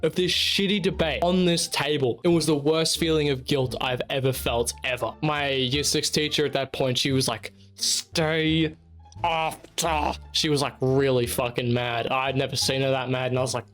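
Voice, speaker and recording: A man's voice: mid-range voice, fairly even intonation, a little fast, hardly any pauses, fairly bright tone, soft background music. A young man, casually telling a story to the camera in a rambling, self-mocking way with plenty of swearing. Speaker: channel host.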